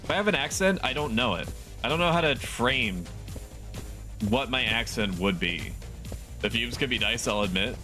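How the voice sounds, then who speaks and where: A man's voice: medium pitch, animated, moderate pace, bright, forceful tone. A young adult man streaming a game, chatting casually in a rambling, self-deprecating way with chuckling asides. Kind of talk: casual gaming stream commentary. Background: game music.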